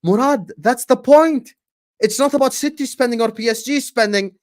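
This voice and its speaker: Hosting a football fan livestream, a man delivers a casual, fired-up rant in a very high voice at normal speed. He's passionate and calls out viewers, repeating and restarting words when he gets worked up.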